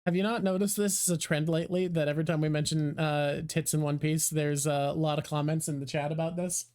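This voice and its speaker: A co-host chatting casually on a live stream, going off on quick, opinionated tangents. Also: mid-range voice, steady tone, darkish tone. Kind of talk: casual chat.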